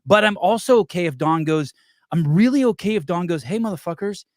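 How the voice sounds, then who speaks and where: A man's voice: sits high, animated, a little fast, dry recording, clean studio sound. A man hosting a podcast in casual chat, swearing freely and restarting his sentences often. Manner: profane, rambling, many restarts. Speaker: podcast host. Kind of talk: casual live-stream chat taking calls.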